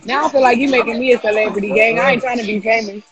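A woman chatting loudly on a livestream, taunting and laughing in brash slang. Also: on the high side, steady tone, very fast, dull audio, music in the background. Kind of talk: casual livestream chat.

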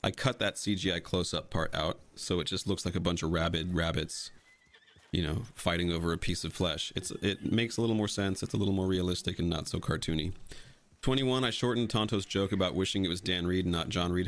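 Low-pitched and brisk, a young man narrates a voice-over about his fan edit of a film. As the video's creator, he explains it in a casual, blunt way, swearing freely while he talks.

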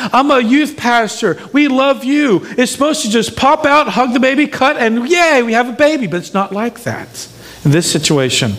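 A man with a fairly high voice delivers a sermon in a church. He tells a personal story with strong emotion, and his voice climbs high when he relives fear. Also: a bit bright. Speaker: pastor. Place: church sanctuary.

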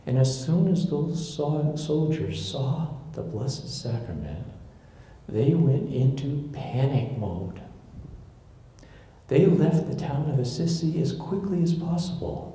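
A man's voice: fairly high pitch, expressive, slow, dark tone. A man giving a live storytelling lecture to a local audience, retelling stories and acting out the quoted voices. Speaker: lecturer on church history. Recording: very echoey room, faint noise.

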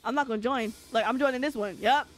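A woman's voice: fairly high pitch, fast talker. Chatty young woman streamer. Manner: chatty, rambling, lots of filler words, jokey. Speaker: gaming streamer. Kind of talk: casual live gameplay chat.

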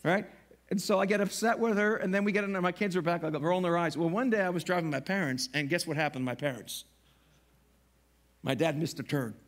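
A middle-aged man pastor preaching a sermon in a church, animated and acting out little voices as he talks. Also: high voice, fast talker. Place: church sanctuary.

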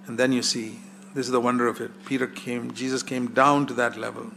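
A man's voice: mid-range voice, flat delivery, moderate pace, vocal fry, pauses often, fairly bright tone, slight background noise. Earnest male preacher, fervent sermon. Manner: earnest, builds to fervent exhortation. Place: church service.

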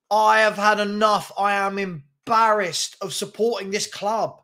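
A man's voice: high voice, a bit bright. A man, hosting a football fan channel and ranting in anger, with repeated rhetorical questions. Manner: exasperated, repetitive rhetorical questions. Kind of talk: angry fan rant to camera.

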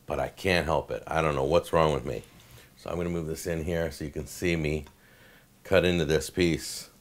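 A deep-voiced man hosts a home cooking demonstration in his kitchen. He gushes over the food in a casual, chatty way and stammers and repeats himself when excited. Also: normal speed. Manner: enthusiastic, gushing over food. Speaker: cooking show host.

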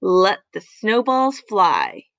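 A woman's voice: fairly high pitch, big pitch swings, gravelly, dry recording, exaggerated voice. Firm grown-up teacher man, as a woman reads him. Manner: slow, deliberate, firm. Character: firm grown-up male teacher, patient but bossy.

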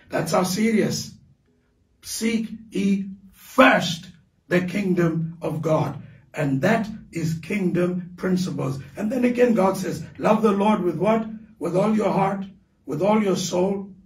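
A man with a South African accent preaching a fervent sermon as pastor, building to shouted declarations in a large church hall. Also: high voice, slow, far from the mic. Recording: echoey hall, voice picked up from afar.

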